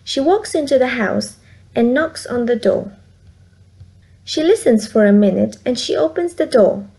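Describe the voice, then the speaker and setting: Brief: Vietnamese-accented mother reading aloud, slightly high voice, clear and slow. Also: expressive, warm tone. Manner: slow, clear, simple sentences. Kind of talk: storybook read-aloud.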